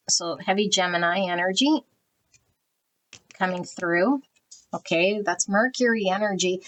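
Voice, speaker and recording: A woman's voice: lowish voice, fairly bright tone, low-quality recording. A woman giving an intuitive tarot card reading in a loose, rambling way, full of fillers and self-corrections. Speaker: tarot reader.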